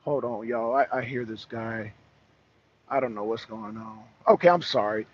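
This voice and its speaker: A man hosts a casual political talk show, addressing a caller with emphasis at a moderate pace in a mid-range voice. He tends to repeat himself and restart sentences frequently. The lo-fi recording sounds dull, with a little hiss or hum.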